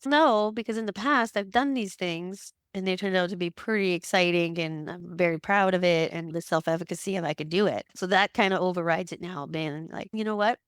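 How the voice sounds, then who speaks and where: A woman in her thirties, a guest on an interview, telling lively stories, laughing often and acting out what people said. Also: fairly low pitch, brisk, hardly any pauses, smooth, dry recording. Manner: animated storytelling, laughs often, acts out quotes. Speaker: guest, occupational therapist. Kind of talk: casual interview chat.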